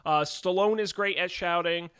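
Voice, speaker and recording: A man co-hosting a casual movie podcast, telling jokey stories in an animated way. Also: sits high, normal speed, clean tone, dry recording, studio quality. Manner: animated, joking storyteller. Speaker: podcast co-host.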